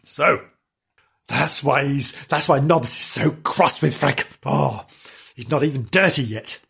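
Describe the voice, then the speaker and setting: A man's voice: mid-range voice, measured pace, creaky, fairly bright tone, slightly rough. A man reading a comic animal story aloud, breaking off into playful, giggly asides to the listener.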